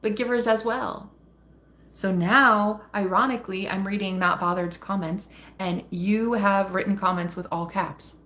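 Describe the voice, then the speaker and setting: A woman hosting a tarot live stream and chatting casually with her viewers. She is affectionate and quick to laugh, calls people sweetheart and honey, and swears freely. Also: mid-range voice, fairly even intonation, sharp tone.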